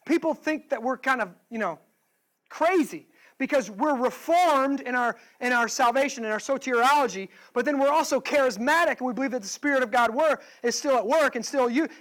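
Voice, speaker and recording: A man's voice: very high voice, a bit bright, poor audio. A male pastor preaching a sermon, pressing the listeners with emphatic rhetorical questions.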